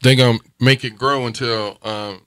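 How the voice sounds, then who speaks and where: Forceful-voiced man chiming in. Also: mid-range voice, steady tone, moderate pace, smooth, no room sound, clean studio sound. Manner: backs up the host with short agreeing interjections. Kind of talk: casual chat.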